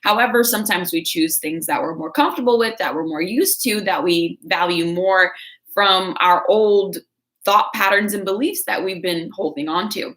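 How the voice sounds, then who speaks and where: A woman's voice: medium pitch, moderate pace, fairly bright tone. A woman giving casual motivational talk on a livestream, chatty and coaching, reading out viewer comments. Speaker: fitness creator.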